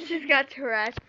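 A girl, chatting playfully and casually with a friend. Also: high-pitched. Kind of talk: casual chat. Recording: dull lo-fi home video with faint hiss.

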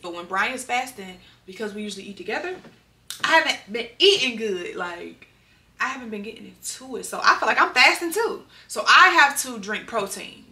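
A woman's voice: medium pitch, creaky, sharp tone. A young woman, vlogging from home in a chatty, candid way and talking straight to her viewers. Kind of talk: casual vlog chat. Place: at home, roomy indoor space. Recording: echoey room, distant mic.

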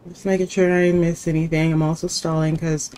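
A woman's voice: low voice, flat delivery, a little fast, dark tone, a little hiss or hum. A woman hosting a casual game commentary from home, jittery and dropping to nervous whispers as she plays. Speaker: gaming channel host.

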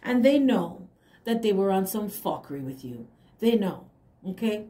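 A woman's voice: medium pitch, big pitch swings, moderate pace, dark tone. A woman giving a casual tarot reading straight to her viewers, talking emphatically and dropping affirming hums and small laughs between her points. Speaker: tarot reader. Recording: echoey room with faint hiss.

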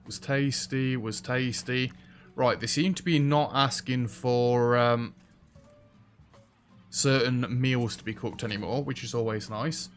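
A man giving casual, chatty commentary as he plays a restaurant sim, reacting loudly to what happens in the game. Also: medium pitch, fairly even intonation, measured pace. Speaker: let's play host. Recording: faint background music.

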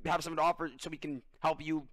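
A man's voice: on the high side, level tone, rapid-fire, a bit bright. A man hosting interviews on a group voice call, blunt and teasing, cutting in often. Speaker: streamer hosting server interviews. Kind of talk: casual group voice-call banter.

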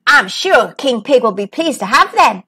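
A woman voicing a cunning old female pig stranger who bargains slowly and slyly in a storybook reading. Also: fairly high pitch, big pitch swings, bright, forceful tone, slightly rough, exaggerated voice. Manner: slow, wheedling, bargaining.

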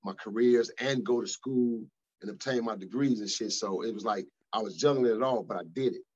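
A man's voice: on the low side, fairly quick, husky, lo-fi sound. A middle-aged man telling stories in a casual interview, profane and emphatic. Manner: profane, emphatic, animated storytelling. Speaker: guest.

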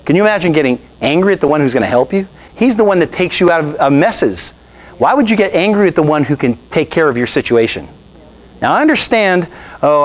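Animated preaching man. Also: mid-range voice, low-quality recording. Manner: animated, conversational preaching with asides and rhetorical questions; quotes scripture and acts out other people's remarks. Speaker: pastor. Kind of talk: sermon at a Bible study.

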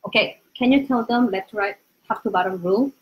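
A woman's voice: medium pitch, fairly quick, muffled recording. A young woman with a Korean accent teaching a casual live-streamed Korean lesson, drilling pronunciation with lots of repetition.

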